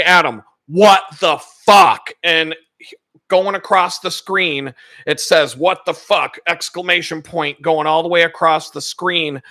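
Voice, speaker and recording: Male channel host, casual profane storyteller, bright forceful voice, dry close sound. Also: fairly high pitch, no echo. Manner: animated, profane, acts out the people he quotes.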